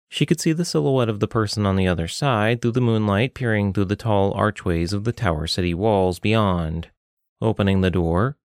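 A man narrating an audiobook with an expressive reading. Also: on the low side, dry recording, clean studio sound.

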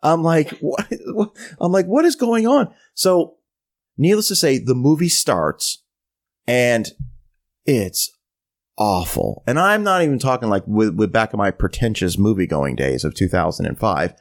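Animated storytelling man, lively pitch. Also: measured pace. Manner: animated, mimics voices in quoted lines. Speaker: podcast co-host. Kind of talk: casual storytelling rant.

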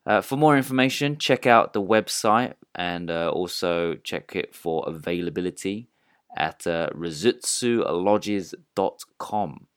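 A man co-hosting a podcast, reading the sponsor spot and intro in a relaxed, casual way. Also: low voice, measured pace, smooth, no room sound, studio quality. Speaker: podcast co-host.

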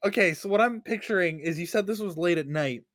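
A podcast guest chatting casually, retelling a story with animated gusto and frequent laughs. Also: mid-range voice, fairly quick, crowd noise. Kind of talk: casual chat.

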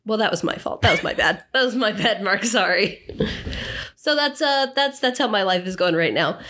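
A woman's voice: medium pitch, lively intonation, normal speed, sharp tone. A pregnant woman, co-hosting a podcast in a chatty, self-mocking way. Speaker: podcast co-host. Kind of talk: casual chat.

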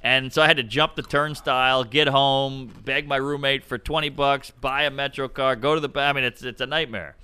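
Bright, crisp-voiced man with an unusual old-fashioned voice. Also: mid-range voice, brisk, few pauses. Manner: animated, acts out voices in anecdotes, profane. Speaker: comedian guest. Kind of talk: casual podcast chat, storytelling.

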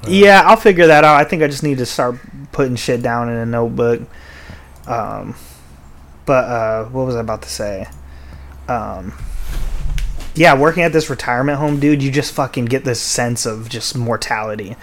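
A man's voice: medium pitch, moderate pace, fairly bright tone, slight background noise. A man hosting a podcast in casual chat, talking in a rambling, profane way full of restarts and fillers. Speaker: podcast host.

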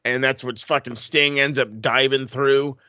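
A man co-hosting a casual wrestling podcast, talking in an animated, profane way that swings into excited outbursts. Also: mid-range voice, unhurried, dry recording. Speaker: podcast co-host.

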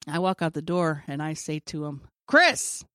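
A woman's voice: deep voice, fairly quick, smooth, no echo, studio quality. A woman in her forties telling a long funny story in casual chat, acting out what people said and laughing often. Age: 40s. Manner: animated storyteller, acts out quotes, laughs often.

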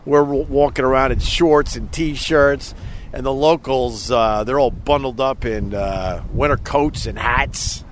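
A man's voice: medium pitch, measured pace. Rambling outdoor livestream man, chuckling. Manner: rambling, chuckling, loose and profane. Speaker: livestream host. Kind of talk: casual chat reading viewer comments. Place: outdoors on a beach at sunset. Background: wind and faint outdoor noise.

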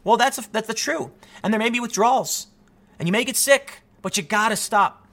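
Fired-up, bright-voiced male commentator. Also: high-pitched, normal speed. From United States. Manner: heated, exasperated ranting with rhetorical questions. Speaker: political commentary host. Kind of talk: opinion monologue.

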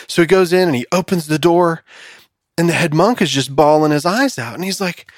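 A man's voice: fairly high pitch, fairly quick, no room sound, studio quality. A man hosting a podcast, chatting casually and telling jokes in an upbeat storytelling manner. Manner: upbeat, storytelling with acted quotes. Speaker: podcast host. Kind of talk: casual chat and joke telling.

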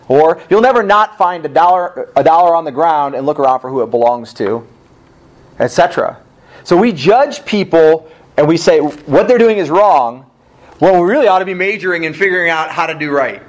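A male pastor preaching a sermon at a church service, emphatic, with rhetorical questions and casual asides. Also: on the high side.

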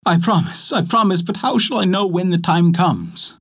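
A man's voice: high voice, lively intonation, moderate pace, husky, voice pushed up, exaggerated voice. A man voicing a timid sorrowful young maiden. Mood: pleading.

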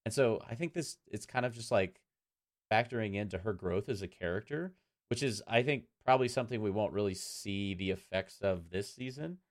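A man with a fairly low voice co-hosts a casual fan podcast, rambling through his thoughts with animated asides. He laughs often as he talks. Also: brisk. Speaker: podcast co-host.

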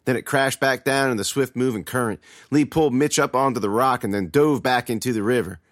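A man's voice: medium pitch, brisk, dry recording, clean studio sound. A man giving a dramatic first-person reading of a scripted horror tale. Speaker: storyteller.

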